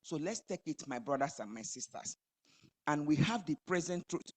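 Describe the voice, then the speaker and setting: A woman preaching a sermon, building emphatically to loud high climaxes. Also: expressive, normal speed, breathy edge.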